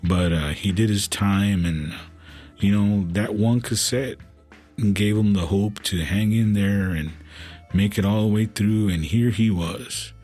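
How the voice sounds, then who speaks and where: Deep, slow, husky man telling stories. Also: faint music behind. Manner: halting, many restarts and fillers; turns soft and emotional at times. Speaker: podcast host. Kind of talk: casual storytelling.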